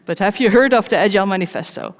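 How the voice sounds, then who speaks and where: A woman delivers a conference talk in a large hall, and her voice carries a long reverb. Her pitch sits in the middle range. She speaks in short, measured phrases and stays candid and personal, with wry jokes at her own expense. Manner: candid and personal, with wry self-mocking asides.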